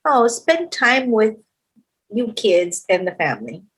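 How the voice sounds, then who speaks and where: A middle-aged woman with a Filipino accent chats casually as a podcast guest. Her voice is a little high and breathy, and she talks slowly, hesitating and hunting for words. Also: big pitch swings. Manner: hesitant, searching for words, laughs easily. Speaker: guest, the hosts' mother.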